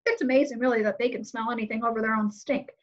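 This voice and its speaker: A woman's voice: fairly high pitch, steady tone, fast, lightly acted. A woman reading aloud, voicing an arrogant, impatient fairy-tale prince who speaks coldly and curtly. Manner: cold, curt and commanding. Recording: slightly muffled lo-fi recording.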